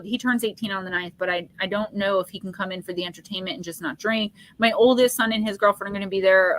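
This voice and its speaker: A woman in her forties hosting a casual live psychic stream, chatty and quick to laugh as she talks straight to her viewers. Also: mid-range voice, pushed and bright. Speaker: psychic livestream host.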